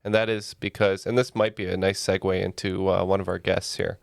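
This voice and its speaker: A man's voice: low voice, little pitch movement, fairly quick, vocal fry, no echo. A man co-hosting a podcast, telling a story in a casual, dry, playful way. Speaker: podcast co-host. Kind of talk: casual chat.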